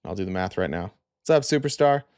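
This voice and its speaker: A man's voice: low-pitched, animated, fast talker, a little mellow, dry recording, studio quality. A tired man hosting a casual live stream, reading viewer comments aloud in a loose, rambling way full of fillers.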